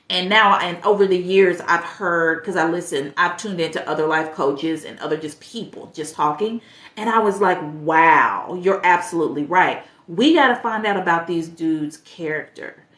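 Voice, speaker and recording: A woman's voice: mid-range voice, fairly bright tone, echoey room. A woman life coach with a St. gives direct dating advice, talking straight to the viewer with pointed questions. She sounds a little stuffy from allergies. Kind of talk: casual advice monologue.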